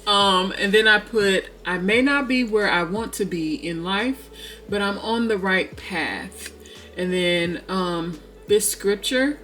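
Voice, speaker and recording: Woman vlogger, slow easygoing chat, bright voice, light music behind. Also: mid-range voice. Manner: chatty and heartfelt, calls viewers "girl" and "y'all". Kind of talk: casual chat to camera.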